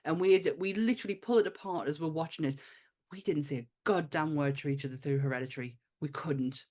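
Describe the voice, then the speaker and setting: A woman's voice: sits low, fairly quick, darkish tone. A British woman co-hosting a casual film podcast, enthusiastic and swearing freely. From Britain. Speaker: podcast co-host.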